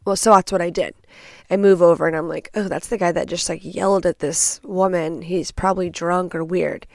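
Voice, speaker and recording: A woman's voice: fairly low pitch, normal speed, vocal fry, dry recording, clean studio sound. A young woman from Texas, hosting a podcast, tells a story bluntly and with lots of swearing, acting out what people said. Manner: blunt, profane, animated retelling with quoted asides. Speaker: podcast host. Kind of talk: casual storytelling.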